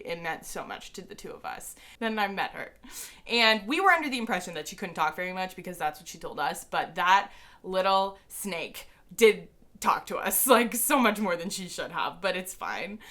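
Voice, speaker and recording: A young woman in her twenties tells a story straight to her camera, her voice bright and forward. She gushes with excitement and fills her sentences with "like" as she rushes through the details. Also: fairly low pitch. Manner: excitable, gushing, heavy use of "like". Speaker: vlogger. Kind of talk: casual storytelling.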